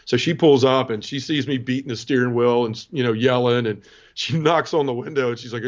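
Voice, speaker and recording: A man's voice: medium pitch, brisk, dull audio. A middle-aged man from the American South telling an emotional personal story as an interview guest, earnest, with many restarts. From Southern United States.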